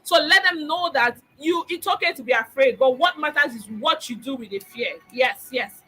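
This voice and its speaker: Woman, bright tone, parenting coach, emphatic, repetitive, rhetorical questions. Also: high-pitched, lively intonation, moderate pace, poor audio. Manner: emphatic, repeats key phrases, asks rhetorical questions. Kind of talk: webinar teaching.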